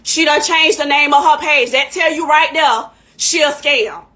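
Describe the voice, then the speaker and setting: A woman's voice: sits high, measured pace, pushed and bright. A woman hosting a live stream in casual chat, heated and emphatic, repeating her points. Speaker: livestream host.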